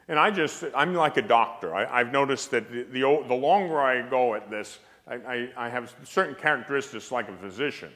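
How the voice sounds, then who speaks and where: A man's voice: medium pitch, normal speed, hardly any pauses, fairly bright tone. A man speaking as a priest giving a spiritual lecture, emphatic and anecdotal with dry humor. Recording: long hall reverb.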